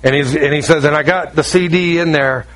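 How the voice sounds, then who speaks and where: A middle-aged man preaching with a fairly high voice. He tells his story in an animated way and acts out the voices of each person in it. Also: fairly quick.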